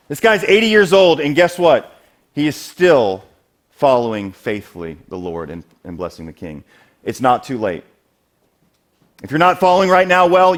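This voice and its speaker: A man preaching a sermon as the church's elder, conversational and animated, jumping much higher and louder when he acts out quoted speakers, then dropping to a quiet, earnest tone to urge his listeners. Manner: animated, acts out quoted voices with big jumps in pitch and loudness. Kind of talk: expository sermon. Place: church sanctuary.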